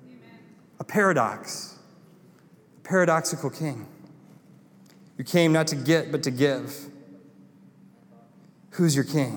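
Impassioned Southern pastor in a reverberant hall. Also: male voice, fairly high pitch. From North Carolina. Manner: impassioned, builds to emphatic repeated lines. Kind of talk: sermon.

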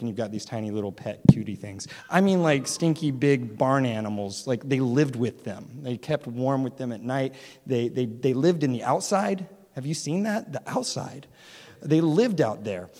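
A man in his thirties preaching a sermon, telling a family story with lively acted-out dialogue and frequent laughs. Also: a little high. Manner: animated storytelling, acts out dialogue, laughs often. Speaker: pastor. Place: church hall. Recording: hall with long reverb.

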